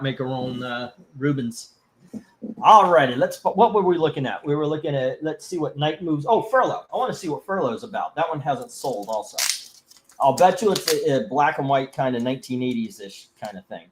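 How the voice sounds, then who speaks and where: A man's voice: mid-range voice, lively intonation, moderate pace, slight background noise. A man hosting a live comic book auction stream, chatting casually in a rambling, joking way and reading out viewer comments. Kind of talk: casual livestream chat.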